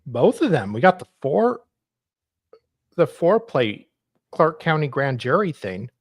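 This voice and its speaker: A man's voice: fairly high pitch, sing-song, takes it slowly, no room sound. An Australian man co-hosting a podcast, casually chatting and reading legal documents aloud in a jokey, mock-formal way. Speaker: podcast co-host.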